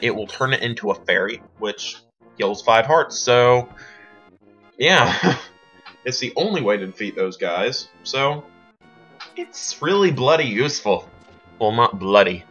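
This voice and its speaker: Joking, rambling man with a bright voice. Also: lowish voice. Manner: rambling, joking, wanders into tangents. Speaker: let's play commentator. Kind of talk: casual game walkthrough commentary. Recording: dull lo-fi home recording with faint game music. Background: faint game music.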